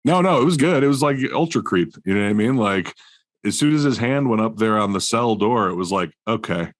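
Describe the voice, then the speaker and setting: Hyped guest guy, low voice, cusses a lot, dry close mic. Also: brisk, dry recording. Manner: animated, excitable, swears. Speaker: podcast guest. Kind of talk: casual chat.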